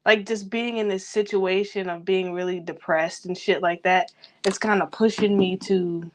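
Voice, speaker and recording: Young woman, vlogger, fast rambling self-talk with heavy swearing. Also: medium pitch, steady tone, a little hiss or hum. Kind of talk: rambling personal venting.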